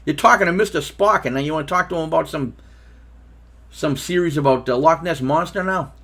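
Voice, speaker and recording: A man putting on his father's voice, playing a gruff, exasperated dad scolding his son. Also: fairly high pitch, fairly even intonation, fairly quick, pitched above the performer's own voice, lightly acted.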